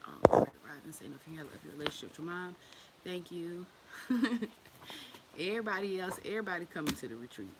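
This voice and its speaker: A woman's voice: lowish voice, quick pace, heavy background noise. A woman leading a women's wellness group on a casual livestream, blunt and profane, candid and affectionate, and laughing often.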